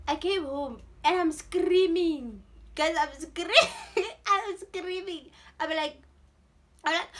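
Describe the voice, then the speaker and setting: A young woman with a South African accent tells a storytime vlog with a lot of drama. Her voice sits high, and she acts out the people in the story as she goes. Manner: animated storytelling, switching into Sesotho-style phrases and acting out voices. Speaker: vlogger.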